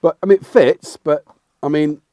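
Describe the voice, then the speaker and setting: A man's voice: a little high, moderate pace, mellow, dry recording, clean studio sound. A middle-aged English man hosting a casual livestream, rambling and self-mocking as he answers the chat. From England. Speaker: livestream host.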